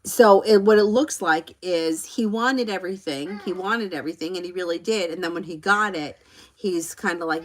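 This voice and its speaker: A woman's voice: lowish voice, normal speed. A woman hosting a casual tarot reading at home, rambling off on tangents and laughing often. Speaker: tarot reader hosting a livestream. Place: home with a small child around.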